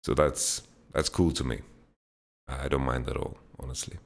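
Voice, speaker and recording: A man's voice: extremely low pitch, fairly even intonation, normal speed, gravelly. A man hosting a casual Q&A podcast, answering viewer questions bluntly and laughing them off. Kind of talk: casual chat, Q&A.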